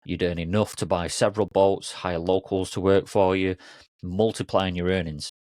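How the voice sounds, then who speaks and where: A man's voice: steady tone, normal speed, darkish tone, dry recording, clean studio sound, natural voice. A man voicing a pushy city businessman who talks eagerly and persuasively. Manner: eager and persuasive, rising in pitch. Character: pushy male city businessman, fast-paced.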